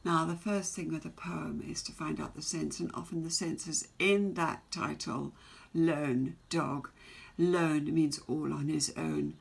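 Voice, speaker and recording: A woman teaching a poetry lesson, her voice low and husky with a gravelly edge. She speaks slowly, posing one question after another to her students. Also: fairly even intonation. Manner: slow, questioning, reads poem aloud with emphasis.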